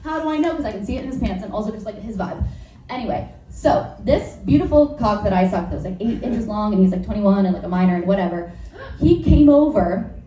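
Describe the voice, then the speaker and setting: A woman testing new stand-up material at a live comedy club talks fast in an expressive, warm, mid-range voice. Her set is crude, frank, and rambling, with plenty of fillers, self-interruptions, and laughter at her own jokes. The recording is distant and roomy, with faint background noise.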